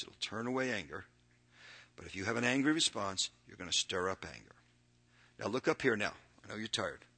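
A man, older, preaching a sermon, earnestly reading verses and moving between loud emphatic bursts and quiet, drawn-out phrases. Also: fairly low pitch, breathy edge.

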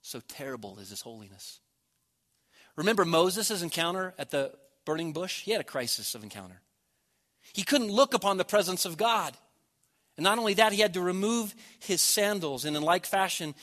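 A man preaching a sermon, swelling loud on key words and dropping to a near hush at the ends of phrases. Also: high voice, animated, normal speed.

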